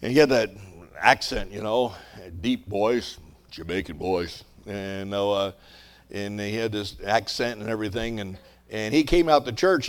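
A male pastor preaching a sermon, moving between conversational storytelling and rising, emphatic exhortation. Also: medium pitch.

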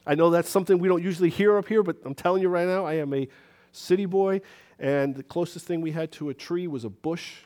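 New guy preaching in church, kinda high voice, acts out the conversations. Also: fast. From New York City. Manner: animated, acts out conversations with rising pitch. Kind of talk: sermon.

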